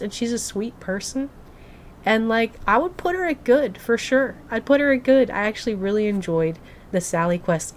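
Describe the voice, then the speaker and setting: A woman's voice: mid-range voice, slight background noise. A young woman streamer chatting casually and gushing to her live chat, full of "like" fillers. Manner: bubbly, gushing, filler-heavy. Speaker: game streamer.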